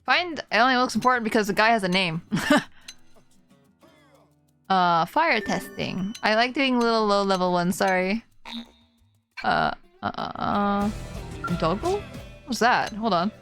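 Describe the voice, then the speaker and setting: A young woman streaming a video game, chatting casually with her viewers, excitable and giggly as she reacts to what happens on screen. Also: mid-range voice, a little slow, pauses often, soft background music. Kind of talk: casual gameplay commentary.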